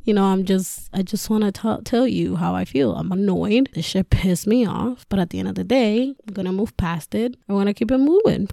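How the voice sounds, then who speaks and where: A woman's voice: mid-range voice, gravelly, mellow, dry recording, studio quality. A woman hosting a podcast, a mother with a young daughter, ranting casually and candidly with frequent swearing and laughter. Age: adult with a school-age daughter. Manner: candid and profane, laughs often. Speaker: podcast host. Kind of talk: casual personal rant.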